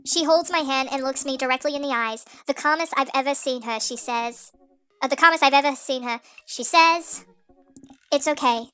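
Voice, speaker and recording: A woman's voice: high voice, moderate pace, pushed and bright. A woman reading a game's widowed middle-aged dad who cracks corny jokes and slips into a hammy announcer voice. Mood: wistful.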